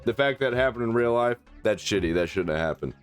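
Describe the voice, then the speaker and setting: A man's voice: mid-range voice, expressive, fast, clean tone, soft background music. A man reacting to clips in blunt, profane, exasperated commentary.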